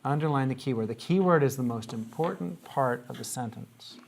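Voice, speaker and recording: A man's voice: mid-range voice, animated, a little fast, creaky, a little hiss or hum. A man teaching a grammar lesson to young students, patiently asking questions and coaxing answers.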